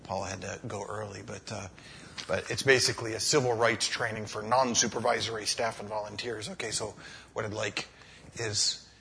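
Halting low-voiced man making church announcements. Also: fairly even intonation, creaky, pushed and bright, a little hiss or hum. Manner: halting, repeats words, hard on himself. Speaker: church member giving announcements. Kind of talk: casual testimony and announcements.

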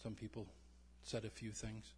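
A man leading a church service, speaking gently and pausing for quiet prayer. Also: lowish voice, completely flat delivery, long reverb tail, a little hiss or hum.

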